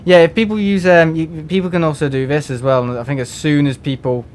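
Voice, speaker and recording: A man's voice: fairly high pitch, fairly even intonation, fairly quick, slight background noise. A man from England chatting casually and rambling on a live game stream from home, with lots of restarts and fillers.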